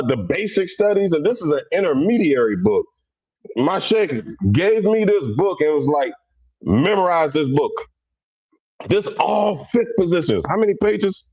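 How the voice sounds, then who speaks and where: A middle-aged man from Cincinnati, hosting a casual livestream. His talk is blunt, animated and rough around the edges. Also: a little high, no room sound. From Cincinnati, USA. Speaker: livestream host.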